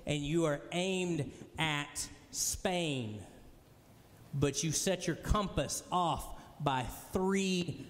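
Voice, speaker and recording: A man preaching in a casual, joking way and chatting with his congregation as he talks. His voice sits a little high for a man and carries a long reverb from a big hall. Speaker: pastor. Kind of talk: sermon. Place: church hall before a congregation.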